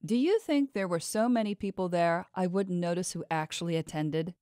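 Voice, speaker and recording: A woman's voice: on the low side, moderate pace, no echo, studio quality, lightly acted. A woman playing a cold, manipulative mistress. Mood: coldly probing. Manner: smooth, probing, quietly menacing. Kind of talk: audiobook character voice.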